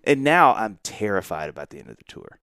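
A man co-hosting a podcast, telling a lively story in casual chat, acting out what others said and often laughing. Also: on the low side, fairly quick, vocal fry, smooth, dry recording, clean studio sound. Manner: animated storyteller, acts out quotes, laughs often. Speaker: podcast co-host.

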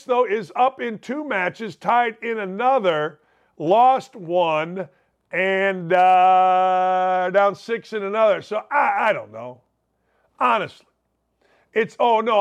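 Male sports talk host, high pitch, brash rambling monologue. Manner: brash, rambling, punchy asides.

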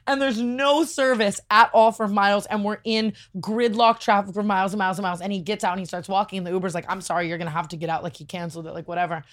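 A woman in her twenties, a podcast host, telling a story in casual chat, fast and animated, with lots of filler words and swearing. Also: mid-range voice.

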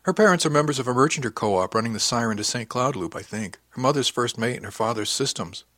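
A man's voice: mid-range voice, expressive, fast talker, fairly bright tone, dry recording, studio quality, pitched above the performer's own voice. A man reading the part of a cheerful middle-aged woman spacer who teases easily and sounds motherly. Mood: wry. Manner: teasing, easygoing.

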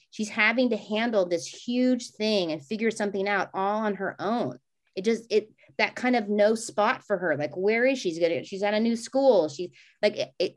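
A woman in her forties co-hosting a podcast, telling a personal story in a rambling, animated way and acting out quoted voices. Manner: animated, acts out quoted voices with big pitch jumps; rambling with frequent restarts and "like". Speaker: podcast co-host. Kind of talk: casual chat, personal storytelling.

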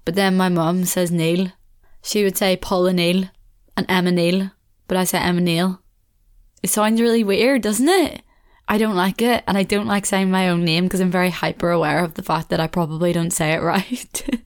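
Young Belfast woman, solo podcast host, lower voice, rambling and chatty. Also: fairly even intonation, brisk. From Northern Ireland. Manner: chatty, rambling, laughs often, swears casually. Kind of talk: casual solo podcast chat.

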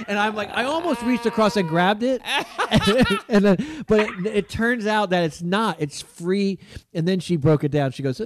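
A man from Virginia on a casual podcast, telling a story in an animated, excitable way and laughing as he talks. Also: high-pitched, a little slow, crowd noise. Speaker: podcast co-host. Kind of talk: casual chat.

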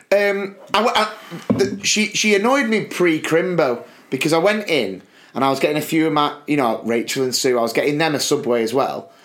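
A man's voice: on the high side, fairly bright tone. A man, co-hosting a podcast and telling a casual anecdote, laughing and acting out the quotes. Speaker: podcast co-host. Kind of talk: casual storytelling chat.

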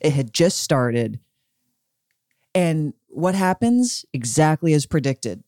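A woman co-hosting a chat show, telling a story with teasing, animated delivery. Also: sits low, slow, dry recording, studio quality. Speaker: podcast co-host. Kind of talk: casual chat.

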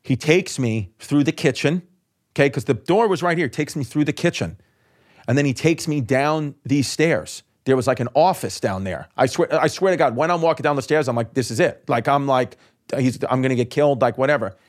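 A man, a comedian guest on a podcast, telling a story in quick, profane bursts and acting out the people he quotes. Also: medium pitch. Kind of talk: animated storytelling.

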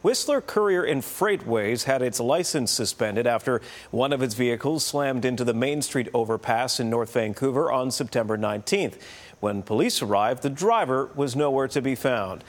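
Male reporter reading a news promo, calm formal delivery, average pitch. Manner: measured, formal newsreading. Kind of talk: scripted news preview.

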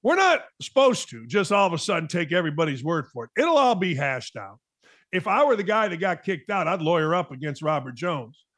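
A man's voice: fairly high pitch, sing-song, fairly quick, a bit bright. A middle-aged man hosting a sports talk show, delivering a blunt, emphatic monologue with a mocking edge.

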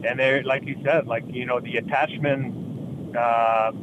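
Brief: 60s man, halting and filler-heavy, muffled line with clear background noise. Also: mid-range voice, steady tone. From Quebec City, Canada. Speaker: guest, former hockey player. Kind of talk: casual interview chat.

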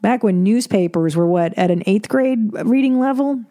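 A woman's voice: medium pitch, lively intonation, moderate pace, warm tone. A woman hosting an advice podcast, talking bluntly in a casual monologue, swearing freely and laughing between points. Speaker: podcast host giving advice.

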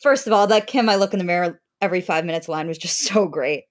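A woman co-hosting a recap show, giving measured, thoughtful opinions in casual talk. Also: on the low side. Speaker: podcast co-host.

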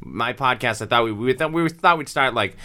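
A man hosting a casual podcast chat, cracking sarcastic deadpan jokes and swearing freely. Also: mid-range voice, fairly quick. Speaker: podcast host.

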